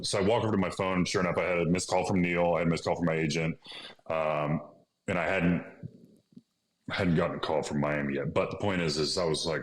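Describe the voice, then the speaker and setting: A man in his thirties from Illinois, a podcast guest telling a story in an animated, casual way and often laughing. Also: low voice, brisk. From Illinois, USA. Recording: echoey room.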